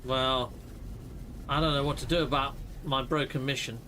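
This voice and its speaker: A man hosting a multiplayer game stream, chatting casually and joking excitably with friends. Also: medium pitch, normal speed, slight background noise. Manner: jokey, excitable, lively. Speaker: streamer host. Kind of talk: casual gaming chat.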